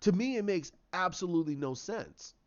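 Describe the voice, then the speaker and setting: A man giving casual commentary on films, rambling and animated, acting out scenes in voices. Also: high-pitched, normal speed, highs cut off. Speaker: YouTube commentator.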